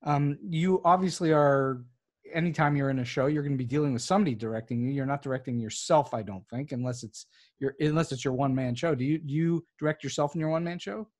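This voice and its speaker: A man's voice: on the high side, fast, a little mellow. A man hosting an interview podcast, asking curious, conversational questions. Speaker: podcast host.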